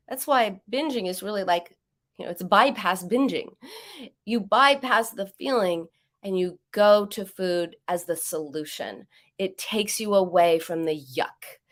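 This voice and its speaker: A woman's voice: medium pitch, a bit bright. A middle-aged woman hosting an advice radio show, talking emphatically and repeating words for stress. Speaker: radio show host, psychologist.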